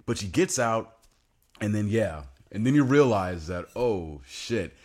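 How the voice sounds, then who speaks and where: A man co-hosting a podcast, chatting casually and getting animated and excited, with some swearing. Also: lowish voice, unhurried. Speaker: podcast co-host. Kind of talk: casual chat.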